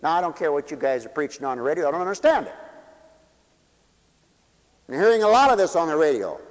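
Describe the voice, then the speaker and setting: A man preaching a sermon, swinging from loud declarations to hushed asides. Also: a little high, sing-song. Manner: rapid asides to the audience. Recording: dull echoey hall recording.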